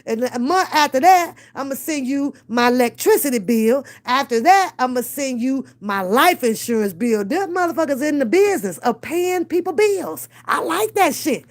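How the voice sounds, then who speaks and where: Woman streamer, blunt and profane, jokey, pitch on the high side. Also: expressive, moderate pace, hardly any pauses. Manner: profane, blunt and joking, laughs often. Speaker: reaction streamer. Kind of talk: casual live-stream commentary.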